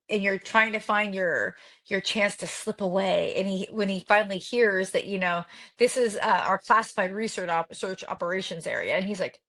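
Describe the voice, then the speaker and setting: A woman co-hosting a podcast, chatting casually about a book in a lively, rambling way. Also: mid-range voice. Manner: chatty, animated, many restarts and fillers. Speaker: podcast co-host.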